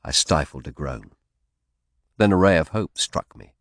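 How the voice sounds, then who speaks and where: A man narrating a historical mystery audiobook in a measured, expressive storytelling manner, close to the mic. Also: very deep voice, no room sound.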